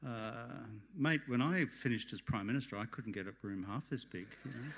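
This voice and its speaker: A man's voice: medium pitch, moderate pace, vocal fry, hardly any pauses, a little hiss or hum. An Australian man in his sixties giving a chatty, joking speech at a community function. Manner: chatty, jokey, warm-hearted. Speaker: guest speaker. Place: function hall.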